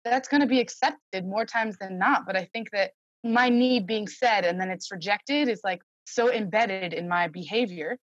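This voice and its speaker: A woman's voice: medium pitch, moderate pace, no room sound, muffled recording. A young woman speaking candidly as a podcast guest, reflective and open, with many fillers.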